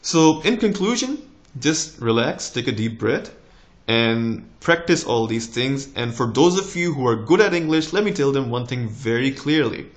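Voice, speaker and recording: A young man in his twenties with a slight American tinge, a doctor giving relaxed, encouraging exam tips in a casual vlog. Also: normal speed. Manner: relaxed, encouraging, with lively rises in pitch.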